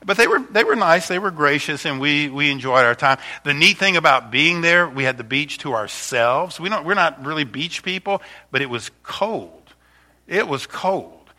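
A man's voice: on the high side, lively intonation, moderate pace. A man in his fifties, a pastor chatting through a slideshow of stories before his sermon. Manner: chatty, warm storytelling with frequent restarts.

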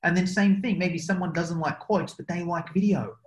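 A man's voice: high voice, steady tone, moderate pace. A man hosting a podcast interview, talking in a loose, chatty way and filling his sentences with "you know.". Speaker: podcast host. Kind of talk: casual interview chat. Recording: roomy echo.

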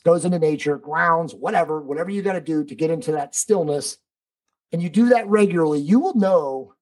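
A man's voice: on the high side, a little mellow, husky, rough recording. A man speaking as a podcast guest in casual conversation, emphatic and preachy, swearing freely.

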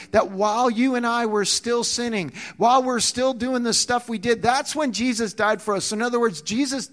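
A male pastor preaching a sermon, animated, acting out quoted voices and restarting his phrases often. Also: high-pitched.

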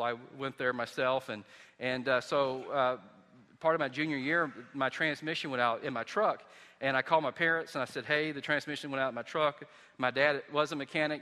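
Southern pastor, conversational storyteller, bright forceful tone, long church reverb. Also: male voice, mid-range voice. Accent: Southern American. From Southern United States. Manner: conversational storytelling with many restarts. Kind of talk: sermon.

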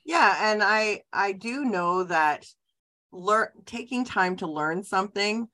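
A woman's voice: mid-range voice, animated, slow pace, pushed and bright. A woman hosting a casual podcast conversation, introducing her guest and asking questions with frequent fillers and restarts. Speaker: podcast host. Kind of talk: casual interview chat.

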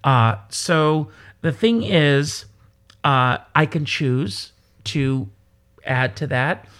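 A man from South Carolina, a stage performer and guest, chatting casually and telling rambling, animated stories. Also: on the high side, extremely slow. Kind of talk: casual interview chat.

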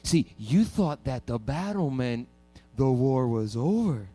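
A man's voice: medium pitch, sing-song, slow, warm tone, faint music behind. A male pastor preaching a sermon with playful call-and-response and strong emphasis.

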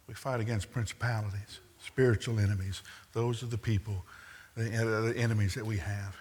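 A man's voice: on the low side, steady tone, brisk, darkish tone, husky. A man preaching a sermon, telling the story with wry asides and acting out the quotes. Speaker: pastor. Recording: long reverb in a large hall.

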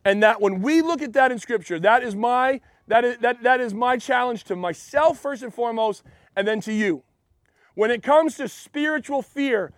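Male pastor, very high voice, dry close sound, chatty sermon. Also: normal speed, no echo. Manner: animated and conversational, with frequent restarts.

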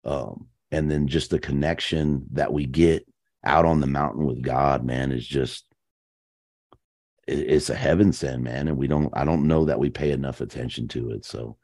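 A man with an extremely low, deep voice tells hunting stories as a podcast guest. He talks in an animated, easygoing way and sprinkles his sentences with slang. The sound is dry and close, with no room echo. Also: moderate pace. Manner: animated, slangy, peppers speech with "man" and "dude". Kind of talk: casual storytelling chat.

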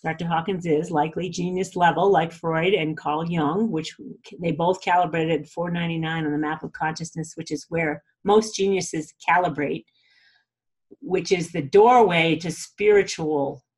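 A woman's voice: sits low, steady tone, moderate pace, slightly rough. A woman in a casual spiritual teaching talk, chatty, often laughing and saying "you know" and "like".

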